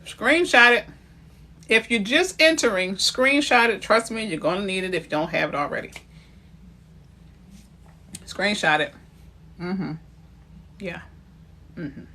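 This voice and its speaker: A woman's voice: mid-range voice, unhurried, long pauses, bright, forceful tone. A woman realtor talking live to viewers about credit in a chatty, direct way, greeting them by name as she goes. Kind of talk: live-stream talk on building credit.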